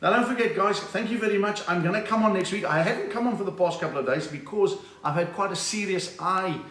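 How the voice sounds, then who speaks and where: A man's voice: high-pitched, quick pace, a bit bright, echoey room, distant mic. A man telling jokes in a chatty live stream, acting out characters and chuckling. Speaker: stand-up comedian. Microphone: phone.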